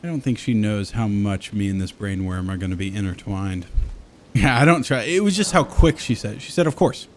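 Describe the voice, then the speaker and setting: A man's voice: fairly low pitch, expressive, fairly quick, slight background noise. A young adult man rambling casually as a streamer, crude and joking, swearing freely and slipping into playful silly voices.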